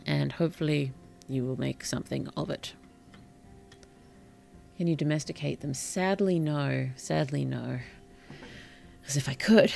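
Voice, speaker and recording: A streamer giving relaxed gameplay commentary in a gentle, whimsical, polite way, with puns and soft whispered asides. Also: mid-range voice, measured pace, creaky, pauses often, soft background music. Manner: drops into soft whispers at times. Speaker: VTuber streamer and author.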